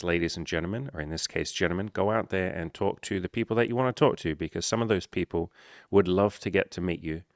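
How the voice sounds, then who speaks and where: A dating coach with a voice that sits low delivers a blunt, profane motivational talk. He is forceful and acts out the voices of the people he quotes. The recording is studio quality, with no room sound.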